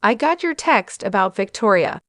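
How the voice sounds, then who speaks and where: A man's voice: high voice, expressive, normal speed, bright, forceful tone, no room sound, studio quality, exaggerated voice. A woman reading the lines of a concerned man calling out inside a house. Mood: worried.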